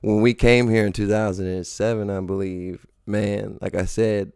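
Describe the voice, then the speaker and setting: A man's voice: on the low side, flat delivery, moderate pace, creaky, a little mellow, clean tone, dry recording, clean studio sound. A man talking casually as a podcast guest, laid-back and rambling.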